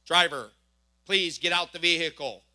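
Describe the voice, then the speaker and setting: A man's voice: fairly high pitch, normal speed, sharp tone. A man voicing a stern female police officer who barks clipped orders at a driver during a roadside stop. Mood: commanding.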